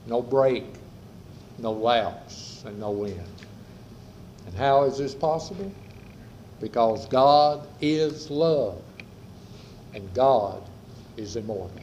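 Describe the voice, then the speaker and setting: Man preaching a sermon, unhurried and deliberate, repeating phrases, middle-pitched voice, faint hiss behind. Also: a little mellow. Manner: slow, measured preaching with repeated phrases and dropping endings. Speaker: pastor. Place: church sanctuary during a service.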